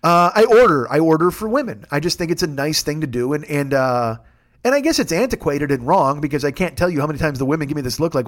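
Male host, rapid wry delivery, curse-heavy rambling monologue, a touch high. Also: lively intonation. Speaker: podcast host. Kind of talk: casual comic monologue.

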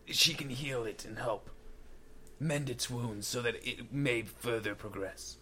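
A man playing a tabletop game, speaking politely in character with halting starts. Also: medium pitch, sharp tone, slight background noise. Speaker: player. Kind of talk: tabletop role-play chat.

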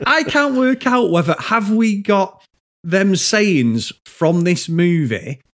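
A man with a northern English accent, co-hosting a casual film review podcast, animated and swearing freely as he laughs along. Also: high-pitched, takes it slowly. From north of England. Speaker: podcast co-host.

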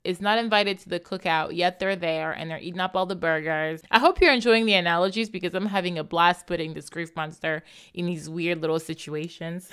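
A woman talking candidly and reflectively as a host, animated at times, laughing often and acting out the voices of people she quotes. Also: lowish voice, normal speed, clear, resonant tone. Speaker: podcast host. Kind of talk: personal reflective monologue.

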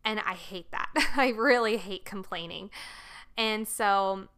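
A woman's voice: medium pitch, slow, a bit bright, smooth. A woman hosting a podcast, telling a personal story casually and earnestly, with lots of "like" fillers. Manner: chatty, frequent "like" fillers, earnest. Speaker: podcast host.

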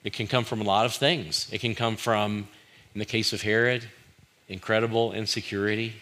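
A man's voice: fairly low pitch, flat delivery, normal speed, fairly bright tone. A middle-aged male pastor preaching a conversational sermon, firing rhetorical questions at the congregation and acting out quoted lines.

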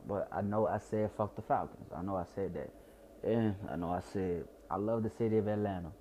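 A man's voice: fairly low pitch, brisk, mellow, a little hiss or hum. A young man from Georgia with a Southern accent, slightly tipsy, rambling and repeating himself with stutters in a casual profane monologue. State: tipsy from wine.

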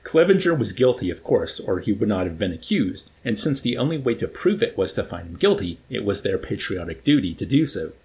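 A man reading a novel aloud in an expressive, varied way. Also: on the low side, fairly quick, few pauses. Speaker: reader.

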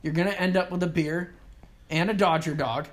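A man's voice: fairly high pitch, fairly even intonation, a little fast. A man hosting a podcast, chatting casually, teasing his co-host and laughing often. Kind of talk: casual chat.

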